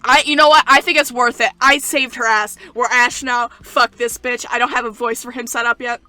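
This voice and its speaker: Bright-voiced woman doing a let's play, excitable, curses a lot, gets loud, game music faint behind. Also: on the high side, moderate pace. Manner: excitable, swears freely, sudden loud outbursts. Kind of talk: gaming commentary.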